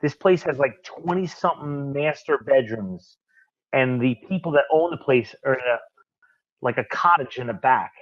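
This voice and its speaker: A man's voice: medium pitch, moderate pace, dry recording, muffled recording. A man hosting a casual podcast roundtable, chatty and rambling as he talks. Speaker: host. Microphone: video call.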